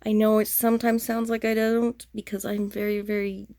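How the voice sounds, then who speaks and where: A woman chatting about her stitching in a casual vlog. Her voice is throaty and flat, and she talks in a rambling, self-deprecating way that keeps apologizing for itself. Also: medium pitch, moderate pace, dry recording, studio quality. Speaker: cross-stitch vlogger. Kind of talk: casual show-and-tell chat.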